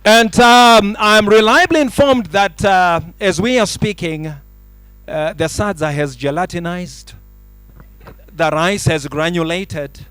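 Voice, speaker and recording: A man's voice: high-pitched, fairly bright tone. A man, hosting an awards night with ornate, grandiloquent wording and a playful storytelling style. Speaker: master of ceremonies. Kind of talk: humorous speech at an awards night. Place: banquet hall at an awards night.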